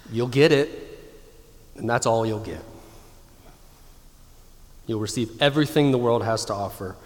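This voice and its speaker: Preaching man in a reverberant hall. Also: fairly low pitch. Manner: emphatic preaching, slowing down to stress key lines. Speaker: pastor. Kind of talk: sermon.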